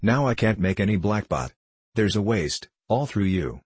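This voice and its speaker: A man with a very low, husky voice reading the lines of a blunt, impatient country wife in a storybook. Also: big pitch swings, normal speed, no room sound. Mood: angry. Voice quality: scolding, impatient. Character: blunt, hard-headed rural young wife.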